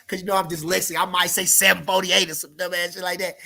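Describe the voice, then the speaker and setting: A man hosting a livestream, reading viewers' comments and chatting about boxing in a rambling, casual way, with lots of restarts and shout-outs. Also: high voice, quick pace, gravelly, hardly any pauses. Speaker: livestream host reading chat.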